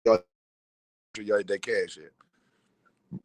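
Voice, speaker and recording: A man's voice: lowish voice, slow, a little mellow. A man hosting a boxing live stream in casual, slangy talk, laughing often, mocking, and talking to his chat. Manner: laughs a lot, mocking, repeats a running catchphrase.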